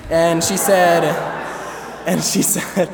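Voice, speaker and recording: A man's voice: on the high side, flat delivery, slow, gravelly, noisy background. A young man telling a funny story to an audience, hesitant with many fillers, laughing along. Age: young adult. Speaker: student speaker. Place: large hall before an audience. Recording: echoey hall, faint ambience.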